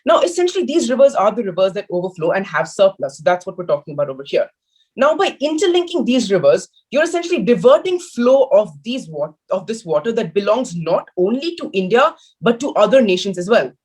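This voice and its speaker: A man's voice: a little fast, breathy edge, low-quality recording. A teenage boy giving an emphatic, argumentative school debate speech against a motion over a video call. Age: teens. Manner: emphatic, argumentative, lively pitch. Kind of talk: formal competitive debate speech.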